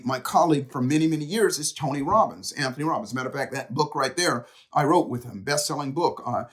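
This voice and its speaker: A middle-aged man giving a motivational talk straight to the camera, telling stories and acting out what people said. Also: a little high. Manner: animated storytelling, acts out quotes. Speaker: motivational speaker.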